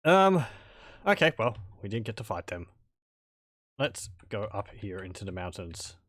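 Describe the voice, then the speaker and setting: A man's voice: lowish voice, very animated, measured pace, fairly bright tone, no echo. A man casually commenting on a game as he plays, with wry, rambling asides and chuckles. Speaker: let's play commentator.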